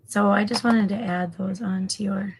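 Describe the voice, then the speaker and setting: A woman's voice: mid-range voice, fairly even intonation, normal speed, slight background noise, poor audio. A woman co-hosting a casual show, friendly and a little scattered as she checks her notes. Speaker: co-host with news segment.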